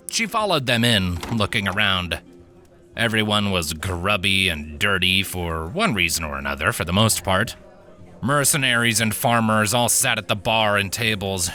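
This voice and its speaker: A man narrates a scripted fantasy tale, his low voice moving with lively, animated intonation. His tone is bright and forward. Faint music plays beneath him. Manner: expressive storytelling.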